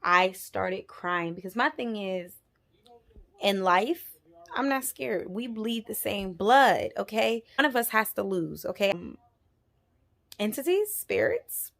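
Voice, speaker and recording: Young woman vlogger, emphatic casual storytelling, mid pitch. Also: slow, vocal fry. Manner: animated, emphatic storytelling with profanity. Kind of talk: storytime vlog.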